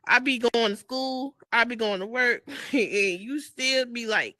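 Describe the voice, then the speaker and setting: A woman speaks on a podcast in a bright, fairly high voice. She is heartfelt, laughs often and swears casually. The sound is dry and close. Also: unhurried, hardly any pauses, dry recording. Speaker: podcast co-host. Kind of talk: emotional casual chat.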